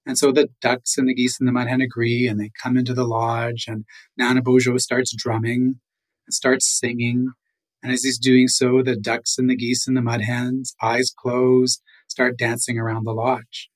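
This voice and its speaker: A middle-aged man from Canada, a guest telling a traditional legend in an unhurried way, with chuckles and "you know" asides. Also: mid-range voice, monotone, rough recording. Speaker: guest storyteller. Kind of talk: oral storytelling.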